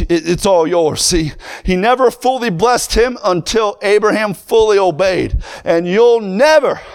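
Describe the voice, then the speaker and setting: A young man preaching a sermon, moving from plain talk to fervent, shouted preaching. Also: high voice.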